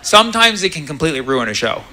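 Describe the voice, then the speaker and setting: A man's voice: fairly high pitch, sing-song, quick pace, sharp tone. A man doing stand-up and chatting with the audience about hecklers. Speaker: stand-up comedian. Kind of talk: stand-up set. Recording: live comedy club recording with crowd. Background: audience laughter and room noise.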